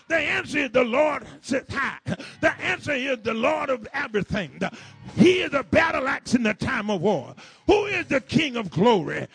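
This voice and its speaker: A man's voice: very high-pitched, creaky, a bit bright. A man preaching a sermon, fervent and rhythmic, with repeated phrases and call-and-response to the congregation.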